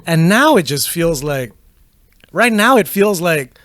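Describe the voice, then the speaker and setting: A man's voice: fairly high pitch, sing-song, measured pace, a bit bright, dry recording. A man from Malaysia co-hosting a casual podcast chat, talking animatedly and swearing freely as he acts out reactions. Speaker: podcast co-host.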